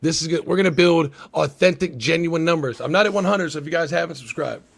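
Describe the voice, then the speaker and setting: Gravelly-voiced man in casual chat. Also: fairly high pitch, quick pace. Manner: rambling, profane, acts out movie lines. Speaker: podcast host.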